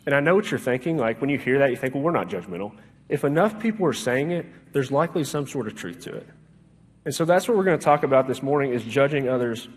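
A man's voice: medium pitch, animated, fast talker, in a large hall. A young man preaching a sermon in a chatty, joking way, full of "like" fillers, from a church sanctuary. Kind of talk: sermon with personal stories.

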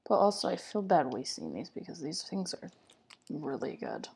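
A woman's voice: on the low side, sing-song, normal speed, vocal fry, darkish tone, a little hiss or hum. A young woman co-hosting a podcast, chatting casually and teasing her friend in a playful way. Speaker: podcast co-host. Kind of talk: casual chat.

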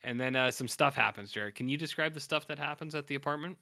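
A man with a bright, tense voice retells a film's plot for a podcast, chatting casually and now and then putting on quick voices for its characters. The sound is dry and close, with no room around it. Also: medium pitch, gravelly, no room sound. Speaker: podcast co-host. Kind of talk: casual film recap chat.

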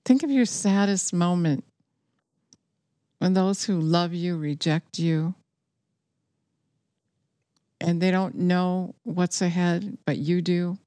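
Earnest low-voiced woman preaching. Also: slow, pauses often, warm tone, no echo, studio quality. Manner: earnest, urgent exhortation. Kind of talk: sermon.

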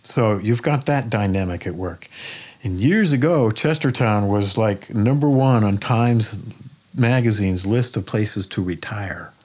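Speaking at a measured pace in a lowish voice, this older painter is interviewed on a podcast. He comes across as a plainspoken, spirited storyteller who doesn't hold back on the swearing.

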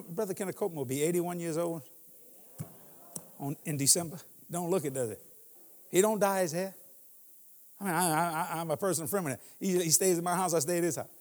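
A man's voice: a little high, long reverb tail. A man in his sixties preaching as a guest in a church, telling humorous stories and laughing often. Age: 60s. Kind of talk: sermon.

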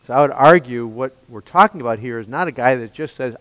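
Emphatic preacher man, smooth voice. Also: medium pitch, quick pace, fairly bright tone, no echo, in a large hall, poor audio. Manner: emphatic, asks the listeners rhetorical questions. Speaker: pastor. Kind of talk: expository sermon.

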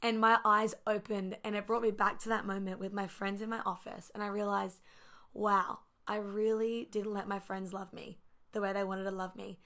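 A woman's voice: medium pitch, little pitch movement, moderate pace, fairly bright tone. A woman in casual conversation, reflective, telling personal stories with quoted dialogue and fillers.

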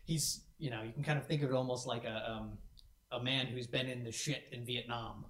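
A man's voice: medium pitch, fairly even intonation, brisk, a bit bright. A man co-hosting a community stream, talking casually and enthusiastically with many restarts. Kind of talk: casual chat. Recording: echoey room.

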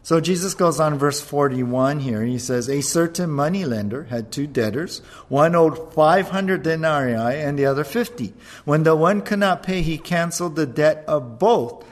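A male pastor preaching in a relaxed, conversational way, often pausing to check in with the listeners. His voice sits at an ordinary middle pitch. The sound carries a long reverb, as in a large church hall. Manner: conversational, animated, keeps asking "right?". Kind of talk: sermon.

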